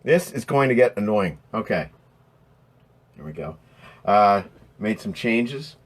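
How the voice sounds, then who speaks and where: A man's voice: on the low side, animated, takes it slowly. A man hosting a casual live stream, rambling and swearing as he reads out chat names, his throat strained from voiceover work.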